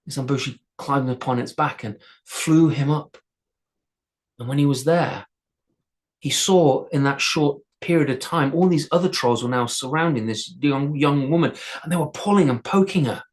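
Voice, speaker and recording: A man's voice: on the high side, moderate pace. A male storyteller telling a folktale aloud, unscripted, with restarts and repeated words.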